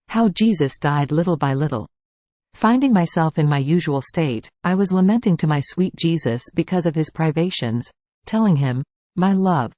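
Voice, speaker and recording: Calm reader in a dry close-miked recording. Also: mid-range voice, no room sound. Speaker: reader of devotional writings. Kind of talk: steady scripted reading aloud.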